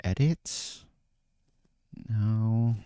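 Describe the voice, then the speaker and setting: A man's voice: on the low side, drawn-out words, mellow, smooth, no echo, clean studio sound. A man streaming casually, thinking aloud, often trailing off and restarting his phrases. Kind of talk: casual livestream chat.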